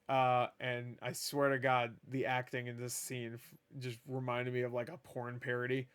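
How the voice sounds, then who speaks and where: A man's voice: mid-range voice, flat delivery, normal speed, a bit bright, clean tone. A man ranting through a casual film review in a profane, sarcastic, rambling way, recorded at a table indoors. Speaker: movie reviewer.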